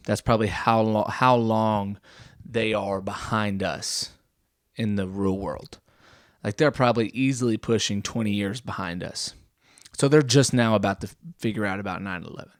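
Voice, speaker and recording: A young man doing an absurd deadpan comedy monologue, rambling with many fillers and self-corrections. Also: fairly low pitch, moderate pace, dry recording, studio quality.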